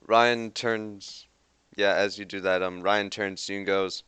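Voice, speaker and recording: A man's voice: fairly low pitch, fairly even intonation, measured pace, fairly bright tone, clear, resonant tone, no room sound. A young man running a tabletop game as game master, narrating loosely with lots of "like". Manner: rambling with frequent "like" fillers.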